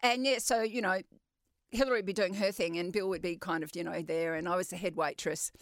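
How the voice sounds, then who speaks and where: A middle-aged Australian woman telling stories in a casual interview, lively and quick to laugh. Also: on the low side, no room sound, clean studio sound. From Western Australia. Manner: lively, chatty, laughs often. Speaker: guest, champion open water swimmer.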